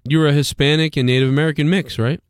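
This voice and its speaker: A man's voice: a little high, fairly even intonation, fast, clear, resonant tone. A man hosting a livestream, talking bluntly and profanely in rambling casual chat. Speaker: livestream host.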